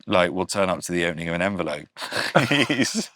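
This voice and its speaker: A man with an English accent, a comedian guest in a casual podcast chat, wry and self-deprecating and quick to laugh. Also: deep voice, expressive, fairly bright tone, dry recording, clean studio sound. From Britain.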